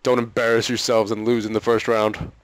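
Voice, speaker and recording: A man's voice: medium pitch, level tone, a little fast, no room sound. A man doing let's-play commentary on a hockey video game, exasperated and pleading with his team, often laughing and sighing. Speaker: gaming commentator.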